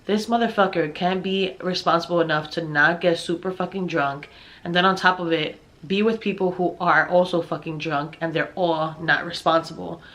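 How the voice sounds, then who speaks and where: A young woman with a somewhat low voice tells a personal story aloud. She swears freely and sounds exasperated, slipping into the voices of the people in it as she goes. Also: steady tone, moderate pace, fairly bright tone. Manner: profane, exasperated, acts out dialogue. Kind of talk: storytime narration.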